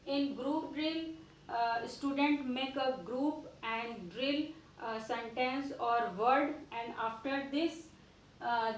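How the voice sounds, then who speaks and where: Indian english woman teacher, slow lecture, echoey room. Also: high voice, a little hiss or hum. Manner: deliberate, with frequent fillers and restarts, addressing students. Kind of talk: classroom lecture.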